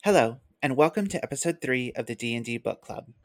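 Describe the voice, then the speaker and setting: Scripted podcast host, measured delivery, dry close mic, mid pitch. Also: lively intonation, no echo.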